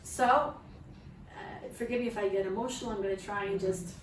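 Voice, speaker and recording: Woman, mid-pitched, halting heartfelt storyteller, miked from afar in a reverberant room. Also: fairly even intonation, slight background noise. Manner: heartfelt, halting, restarts often, prays aloud. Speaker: mother sharing a testimony at a gathering. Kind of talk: emotional personal storytelling to a small audience. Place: room with guests present. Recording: distant mic in an echoey room with faint ambience.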